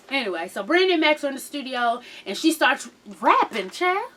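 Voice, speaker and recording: A high-voiced woman, her pitch swinging widely as she chats. She recaps a reality show casually and with plenty of swearing, acting out the lines of the people she talks about. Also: fairly quick, few pauses, background noise. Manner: animated and profane, mimics people in quotes.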